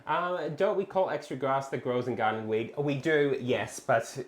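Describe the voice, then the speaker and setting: Woman co-host, very low voice, chatty with lots of ums, faint hum in an echoey kitchen. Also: moderate pace. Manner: chatty, reads chat aloud, many ums. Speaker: cooking stream co-host. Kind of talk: casual chat with live chat. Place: small home kitchen.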